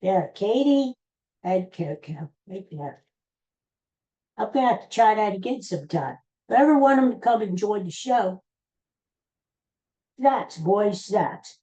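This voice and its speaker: Mellow-voiced chatty woman host. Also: mid-range voice, moderate pace, poor audio. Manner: chatty, excitable and rambling. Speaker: podcast host. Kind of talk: casual rambling chat to camera.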